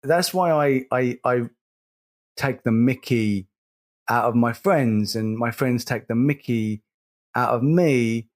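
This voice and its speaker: A man, co-hosting a casual podcast, speaking earnestly and slowly, repeating words as he stresses a point. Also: mid-range voice. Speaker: podcast co-host.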